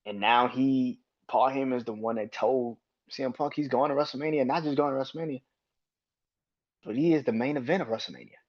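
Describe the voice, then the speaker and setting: A man's voice: mid-range voice, fairly quick, highs cut off. A man hosting a solo wrestling podcast, ranting with heavy swearing and exasperated rhetorical questions. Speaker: podcast host.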